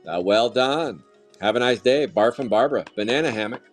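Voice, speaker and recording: A man hosting a live trading card break, calling out pulls with loud, excitable, jokey hype. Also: mid-range voice, a little fast. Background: faint music.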